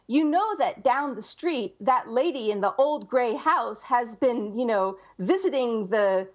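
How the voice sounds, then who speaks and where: A woman with a fairly high voice co-hosts a casual podcast about writing. She talks in a chatty, loose way, circling back with fillers and restarts as she works out her points. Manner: chatty, thinks aloud with many fillers and restarts. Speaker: podcast co-host, writer.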